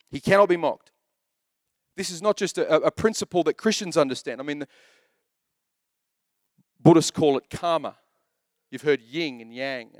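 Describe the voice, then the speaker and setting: A middle-aged man preaching a sermon as a pastor, animated, repeating key phrases and acting out little asides. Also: fairly high pitch, a little slow, long pauses, no echo, clean studio sound.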